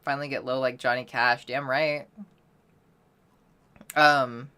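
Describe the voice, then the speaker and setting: Very low-pitched, bright-edged woman streamer. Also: flat delivery, takes it slowly, clean tone. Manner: loose, chatty, swears casually, reads out chat; self-deprecating, apologetic about being out of practice. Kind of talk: casual livestream chat during voice training.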